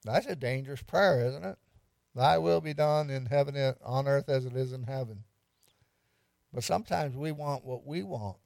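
A man's voice: medium pitch, moderate pace, vocal fry, darkish tone, dry recording, clean studio sound. A man pastor giving an interactive evening sermon, quizzing the congregation and repeating lines for emphasis with light humor.

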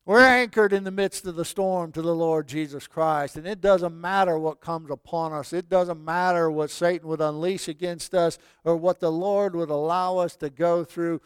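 A man preaching a sermon in a folksy way, swinging from loud calls to hushed lines. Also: fairly high pitch, steady tone, normal speed, hardly any pauses, clean tone, no echo. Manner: folksy, swells loud then drops to near whispers. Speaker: pastor.

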